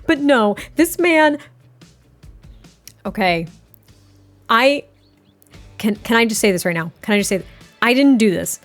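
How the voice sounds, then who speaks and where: A chatty, excitable woman talks through her gameplay as the host of her channel, often laughing and repeating herself. Her voice sits a little high, with faint music behind it. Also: measured pace, pauses often. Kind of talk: casual gameplay commentary.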